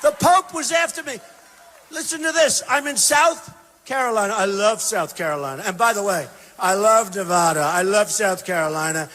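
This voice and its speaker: A man giving a campaign rally speech, emphatic and repetitive, swinging between shouted bursts and quiet asides. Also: sits high, normal speed. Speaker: political candidate speaking at a rally. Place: large university venue. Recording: long reverb from a big hall.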